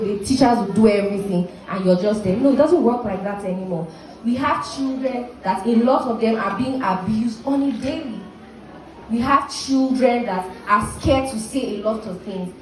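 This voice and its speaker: A young woman speaking at a school graduation, earnestly urging parents and acting out little dialogues between parent and child. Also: a little high. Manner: earnest, preachy, acts out parent and child quotes. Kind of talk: exhortative speech to parents. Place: outdoor or large hall ceremony. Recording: echoey PA from far off, noisy.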